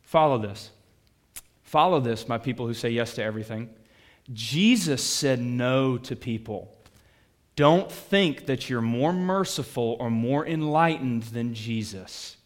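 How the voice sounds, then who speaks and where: A man preaching a sermon to his congregation in a conversational way, asking them questions and swinging between loud bursts and quiet asides. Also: medium pitch, animated, measured pace. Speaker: pastor.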